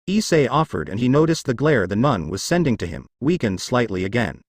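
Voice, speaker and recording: A man's voice: mid-range voice, very animated, a little fast, dry recording, studio quality. A man reading a fanfiction story aloud as narration. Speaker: fanfic reader. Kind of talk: scripted narration.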